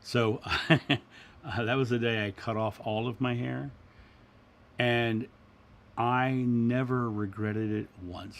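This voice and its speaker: Gravelly-voiced man hosting a livestream. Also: medium pitch, fairly even intonation, slow. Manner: gentle, reflective, repeats words and restarts. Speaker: livestream host answering viewer questions. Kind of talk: casual spiritual talk.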